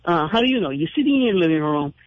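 A man's voice: fairly high pitch, expressive, fast talker, dry recording. Indignant radio host, man. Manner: impassioned, indignant, rambling with restarts. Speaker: radio talk show host. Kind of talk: call-in radio monologue. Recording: dull lo-fi radio broadcast.

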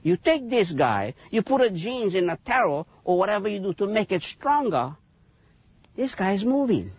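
Animated husky Hawaiian Pidgin farmer. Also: male voice, high voice, moderate pace, no echo, dull audio. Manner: animated, folksy, lots of "yeah?" tags. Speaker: taro farmer. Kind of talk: farm tour explanation. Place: outdoors on a taro farm.

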